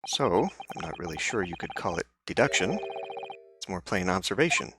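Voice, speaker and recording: A man's voice: low voice, big pitch swings, normal speed, background noise. A man reading a flustered young lawyer. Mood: exasperated. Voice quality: exasperated, incredulous. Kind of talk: reading game dialogue aloud. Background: game music.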